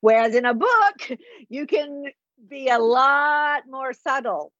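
A woman hosting a casual conversation, chatty and quick to affirm her guest. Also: sits high, animated, fairly bright tone, no room sound. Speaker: podcast host. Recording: slightly dull lo-fi sound.

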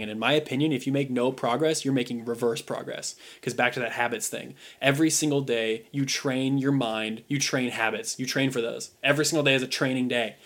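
A man's voice: medium pitch, fairly bright tone. A young adult man co-hosting a podcast in casual chat, rambling with many fillers. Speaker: podcast co-host.

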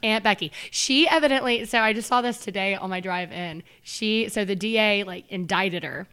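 A woman co-hosting a podcast in casual chat, animated and laughing, acting out little scenes in voices. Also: medium pitch, moderate pace, clean tone. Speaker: podcast co-host.

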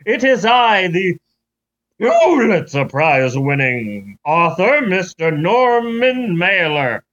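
A man's voice: high-pitched, very animated, slow pace, a bit bright, exaggerated voice. A man voicing a pompous male author with a put-on British accent, speaking in a grand, mock-formal way. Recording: lo-fi recording.

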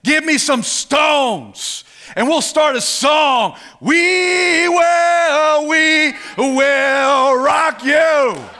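A man preaching while voicing the young shepherd David, who shouts bold, drawn-out declarations of defiance. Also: very high-pitched, lively intonation, voice pushed up, exaggerated voice. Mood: defiant.

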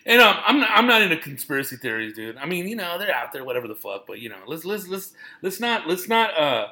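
A man's voice: on the high side, very animated, quick pace, bright, forceful tone. A man in casual podcast chat, rambling and joking, with frequent swearing.

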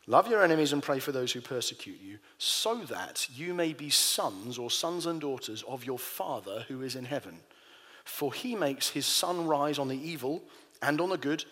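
A man's voice: mid-range voice, fairly bright tone, big-room sound. A pastor preaching a sermon in a conversational way, telling personal stories to his congregation.

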